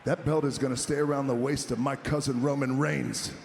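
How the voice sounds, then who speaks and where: A man cutting a menacing wrestling promo, taunting an opponent and speaking of himself in the third person, swinging from low growls to shouts. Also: fairly even intonation, a little fast, vocal fry. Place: large arena. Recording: roomy arena sound, faint crowd noise.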